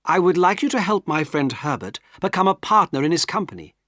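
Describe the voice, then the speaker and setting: A man's voice: fairly high pitch, big pitch swings, fairly quick, bright, forceful tone, no room sound, voice pushed up. A man voicing an earnest, heartbroken young man who pleads with trembling emotion, in a dry storybook reading. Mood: pleading.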